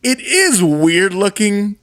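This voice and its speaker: This thirty-something podcast co-host has a high-pitched voice and takes things slowly. In casual conversation, he tells stories with lively enthusiasm, laughing along the way.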